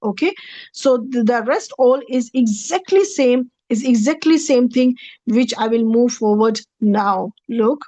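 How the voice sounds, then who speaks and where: A woman's voice: a little high, lively intonation, a little slow, warm tone, no room sound. A woman in gives a recorded grammar lecture over slides. She talks patiently, repeats and rephrases each point, and checks in with "okay" before moving on. The recording is dry and close, with no room sound. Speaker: Arabic grammar teacher.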